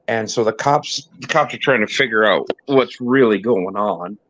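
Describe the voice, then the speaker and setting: A man's voice: lowish voice, no room sound. A man hosting a casual podcast chat, telling anecdotes and mimicking the people in them. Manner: storyteller who mimics people in his anecdotes. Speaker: host. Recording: dull lo-fi dry sound.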